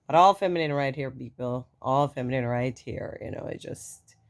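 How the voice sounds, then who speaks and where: A woman with a Jamaican accent and a naturally deep voice, froggy and rough from the morning, rambling casually to her followers with many "you know"s. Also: normal speed. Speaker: vlogger. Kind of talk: casual talking-to-camera monologue.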